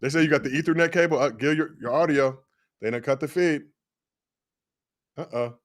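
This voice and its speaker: A man in his forties co-hosting a casual sports livestream, joking and giving shout-outs to the chat. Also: on the high side, fairly quick, no room sound. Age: 40s. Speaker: co-host.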